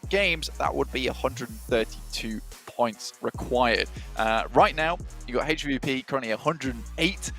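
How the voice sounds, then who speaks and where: A man's voice: mid-range voice, normal speed, fairly bright tone. A man calls an esports match in a chatty way, leaning on fillers as he talks. Faint music plays under his voice. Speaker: esports caster. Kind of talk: play-by-play commentary.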